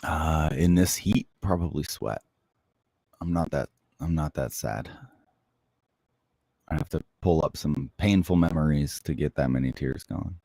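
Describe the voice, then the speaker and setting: Very deep gravelly-voiced man, soft-spoken. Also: unhurried, long pauses, dry recording. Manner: soft-spoken, close to the mic. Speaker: livestream host. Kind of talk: casual chat reading viewer comments. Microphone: close microphone.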